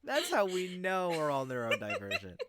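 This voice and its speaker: A woman's voice: lowish voice, moderate pace, a crowd in the background. A woman player joking and bantering during a tabletop game. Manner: animated, jokey.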